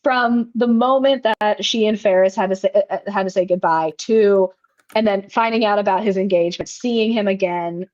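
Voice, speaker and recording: A woman's voice: mid-range voice, normal speed, a little mellow, muffled recording. A woman co-hosting a film podcast, chatting casually with many fillers and restarts. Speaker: podcast co-host. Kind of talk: casual chat recapping a film.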